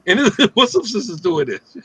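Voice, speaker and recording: A man's voice: high-pitched, very animated, slow, bright, forceful tone, slightly rough, dry recording, poor audio. A middle-aged man hosting a casual religious talk, streetwise and joking, often asking "right?". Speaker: host of an Islamic talk show.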